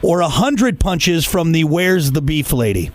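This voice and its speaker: A man's voice: fairly high pitch, big pitch swings, a little slow. A man with a northern Midwest accent hosting a rock podcast interview, playful and laughing often. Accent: Upper Midwest US. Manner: playful, laughs often, repeats lines for effect. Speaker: radio podcast host. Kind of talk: casual interview.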